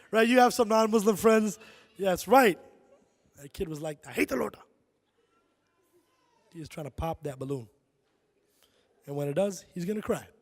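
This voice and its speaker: On stage in a big concert hall, a middle-aged comedian with a high-pitched voice does a stand-up set, animated and yelling his punchlines.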